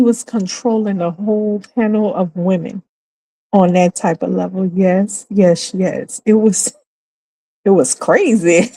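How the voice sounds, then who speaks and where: A middle-aged woman hosting her channel, telling a story in casual commentary and acting out quotes with high squeals and laughs. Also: steady tone, slow pace, warm tone, dry recording, rough recording. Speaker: channel host.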